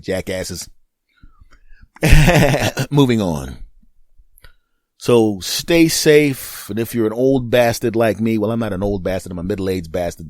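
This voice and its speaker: A man's voice: lowish voice, a little mellow, no room sound, studio quality. Brash trash-talking man in his fifties. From Northeastern US. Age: 50s. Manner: brash, trash-talking, laughs at own jokes. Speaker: podcast host. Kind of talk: comedic monologue.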